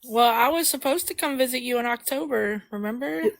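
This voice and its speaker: A woman's voice: sits high, brisk, gravelly, no room sound. A woman in a casual livestream chat, agreeing emphatically and backing up her friends.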